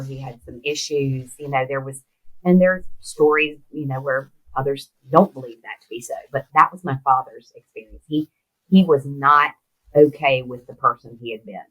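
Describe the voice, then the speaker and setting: A middle-aged American woman, an interview guest, telling a personal story in a lively way and acting out the voices of the people in it. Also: rumbling low, normal speed, poor audio. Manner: animated storyteller who acts out quoted voices. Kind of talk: storytelling in conversation.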